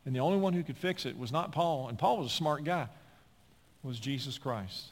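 A male pastor preaching a sermon with emphatic, folksy delivery, piling up repeated phrases and building toward near-shouting. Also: medium pitch, lively intonation, moderate pace. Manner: folksy asides and repeated words. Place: church sanctuary. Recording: long reverb of a large hall.

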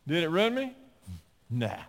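A man preaching a sermon as a pastor, animated and climbing at times to near-shouting. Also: on the high side, measured pace. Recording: long hall reverb.

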